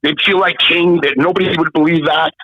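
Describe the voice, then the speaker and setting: A man's voice: fairly high pitch, fairly quick, dry recording. A man of about fifty from Canada, telling a story in a casual interview, swearing freely and acting out the people in it. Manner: swearing, animated, acts out the people in his story. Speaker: guest. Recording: dull lo-fi sound.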